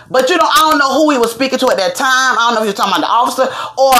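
Woman host, fairly high voice, casual and blunt commentary, swears freely. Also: rapid-fire, few pauses, pushed and bright.

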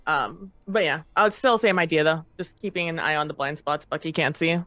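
A woman's voice: low voice, brisk, bright, forceful tone, dry recording. Brash swearing woman at a game table. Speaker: player. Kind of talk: tabletop role-play chat.

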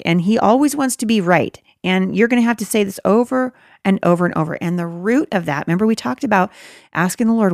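A woman's voice: mid-range voice, brisk, a little mellow, dry recording, clean studio sound. A middle-aged woman giving an earnest Christian parenting talk, conversational and emphatic, with rhetorical asides. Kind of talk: earnest faith-based teaching talk.

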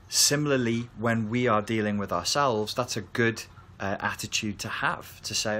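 A man talking to camera as a therapy coach, calm and reassuring as he explains. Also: lowish voice, normal speed. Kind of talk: reflective talk to camera.

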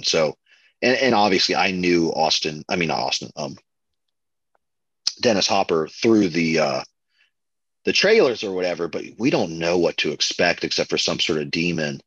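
A man co-hosting a podcast, chatting casually and excitedly about a film, full of fillers and restarts. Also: deep voice, normal speed, dry recording, highs cut off. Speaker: podcast co-host.

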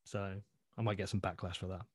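Blunt, sweary man with a low voice. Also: little pitch movement, a little fast, husky, dry recording, studio quality. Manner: blunt, sweary, rambling with restarts. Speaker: podcast guest. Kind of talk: casual interview chat.

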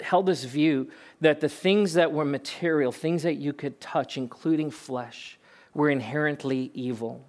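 Man preaching an emphatic sermon. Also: fairly high pitch. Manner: emphatic, conversational preaching with rhetorical questions. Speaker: pastor.

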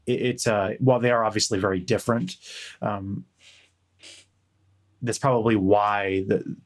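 Man, low voice, western american accent, casual podcast chat, rambling, filler-heavy. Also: fairly even intonation, unhurried. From United States. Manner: rambling, full of fillers and profanity.

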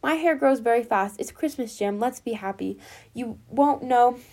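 A woman's voice: on the high side, normal speed, dark tone, close to an everyday voice. A woman reading a tender, anxious young wife. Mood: pleading. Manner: pleading, eager.

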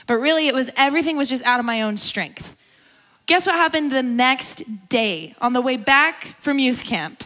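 Bright-voiced young woman giving testimony. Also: high voice, lively intonation, normal speed. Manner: candid, conversational, laughs often, tearful at times. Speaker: guest speaker at a church gathering. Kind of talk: personal testimony sermon.

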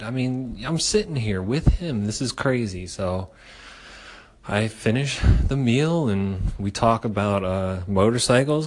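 A man in his forties from the Philadelphia area tells a story from his own life, loose and casual. His voice sits a little low, and he swears freely with plenty of "uh" and "I mean" as he goes. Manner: animated and profane, with frequent fillers.

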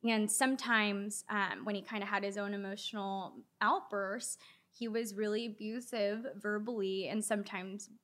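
A young adult woman giving a candid personal faith testimony as a guest, earnest and halting with many fillers. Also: medium pitch, fairly even intonation, a bit bright. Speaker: guest sharing her story.

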